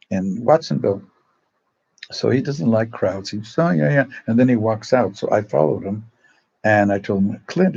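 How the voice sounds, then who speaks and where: An older man, a priest, telling stories in a casual, rambling way, often pausing to search for names and acting out the voices of people he quotes. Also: fairly low pitch, darkish tone, dull audio. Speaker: Salesian priest. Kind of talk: casual storytelling.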